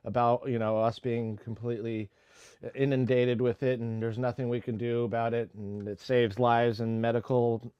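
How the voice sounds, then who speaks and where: A man's voice: mid-range voice, flat delivery, moderate pace, clean tone, no echo, highs cut off. A man hosting a casual music-making live stream, rambling with lots of fillers and restarts. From United States.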